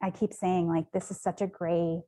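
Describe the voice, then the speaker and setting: A woman with a fairly low, mellow voice speaks at a moderate pace in a level tone. She's a nonprofit founder being interviewed in a conversational setting, and she comes across as earnest and rambling, with lots of ums and likes.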